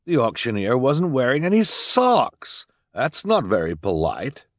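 A man's voice: mid-range voice, wildly swooping pitch, unhurried, dry recording, voice pushed up. A man voicing a prim, fussy male bidder in a suit.

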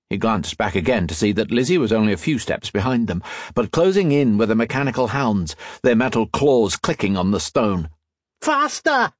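Male audiobook narrator, husky, lively, dramatic, dry booth sound. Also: on the low side, no room sound.

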